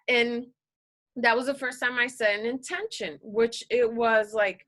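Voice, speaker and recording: A woman guest on a podcast, telling her personal story in an earnest, halting way, emotional and close to tears. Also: on the high side. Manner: earnest, halting, with restarts and soft laughs.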